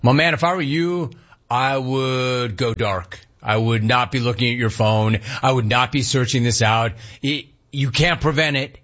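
A man's voice: mid-range voice, fairly even intonation, a little slow, fairly bright tone. A man hosting a sports talk radio show, delivering a monologue with punchy, emphatic repetition. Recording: slightly muffled radio broadcast.

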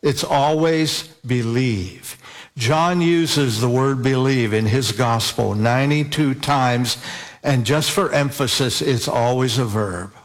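A man preaching a sermon in an earnest, deliberate way, spelling out key words slowly. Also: medium pitch. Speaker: pastor.

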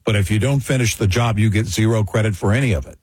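A husky-voiced man co-hosts a political talk show and makes his points forcefully and with indignation. The recording is dry and close to the mic. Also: on the low side, fast, no echo.

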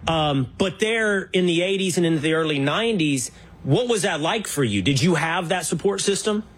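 A man's voice: a little high, expressive, normal speed, breathy edge. A man from Texas who hosts the interview and asks long, rambling questions with many restarts. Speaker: interview host. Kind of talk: casual conversation.

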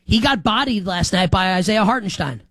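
A man hosting a sports opinion show, talking in an animated, sarcastic way. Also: high-pitched, normal speed, dry recording. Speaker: sports talk host.

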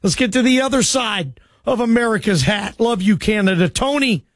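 A man hosting a call-in sports radio show, talking in loose, excitable, joking banter. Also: sits high, moderate pace, dry recording.

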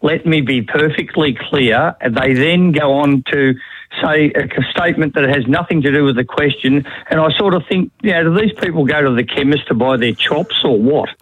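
A man's voice: on the high side, a little fast, fairly bright tone, husky, dry recording, rough recording. A man with an Australian accent calling a radio show, wry and dry-humoured. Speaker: caller.

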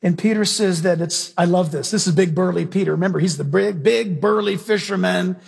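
A male preacher delivers a sermon in a high-pitched voice. His tone is husky and breathy, and he presses points home with emphasis and direct questions to the congregation. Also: brisk. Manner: emphatic, questions the audience, animated storytelling.

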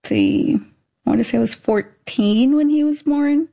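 A woman's voice: sits high, normal speed, creaky, mellow. A woman interviewed as an older sister, telling family memories in a chatty, fond way. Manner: chatty, fond storytelling with fillers.

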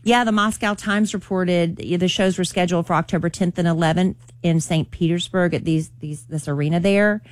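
A woman's voice: on the low side, fairly even intonation, normal speed, few pauses, no room sound. A woman co-hosting a morning radio show, chatting about entertainment news and reading ads. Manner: chatty, reads news items and ad copy. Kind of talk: morning radio chat and live ad read.

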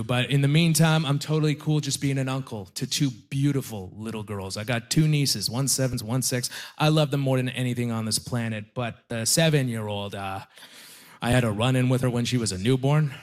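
A man's voice: mid-range voice, moderate pace. A young man doing a stand-up comedy set on a club stage, telling self-deprecating stories in a conversational way.

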